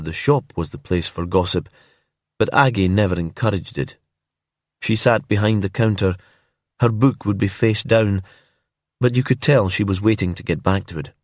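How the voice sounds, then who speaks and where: A man with a low voice reads a crime story slowly and calmly, keeping his delivery hushed and immersive. The sound is dry and close, with no room around it. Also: no echo. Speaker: narrator. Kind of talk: calm scripted storybook narration.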